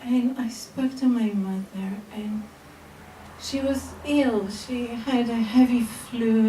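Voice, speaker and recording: A middle-aged woman telling a heartfelt personal story at a live storytelling event, soft and hesitant with restarts. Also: on the high side, steady tone, slow. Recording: roomy distant live recording, faint noise.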